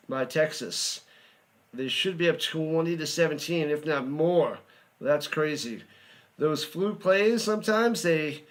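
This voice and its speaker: A man hosting a live watch party, giving excitable play-by-play commentary and chatting with viewers. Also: fairly high pitch. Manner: excitable, chatty, hums and sings to himself.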